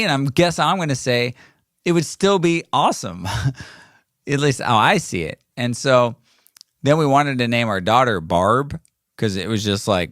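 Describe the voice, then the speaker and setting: A man in his forties talks through a casual solo podcast at a medium pitch. He rambles playfully, full of fillers and restarts, close to the mic in a dry, dead sound. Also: a bit bright, no room sound. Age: 40s. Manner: rambling and playful, with frequent fillers and self-corrections. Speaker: podcast host.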